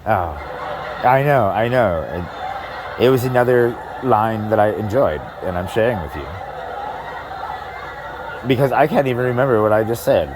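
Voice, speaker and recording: Rambling low-voiced stand-up comic. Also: male voice, expressive, moderate pace, pauses often, a crowd in the background, noisy background. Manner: rambling, self-interrupting, laughing at own jokes. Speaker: stand-up comedian. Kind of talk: stand-up comedy set. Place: comedy club stage.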